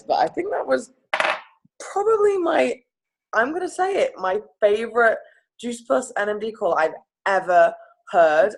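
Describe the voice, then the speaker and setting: A woman hosting a group call, effusive and laughing as she talks. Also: medium pitch. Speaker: call host. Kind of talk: casual chat on a group call.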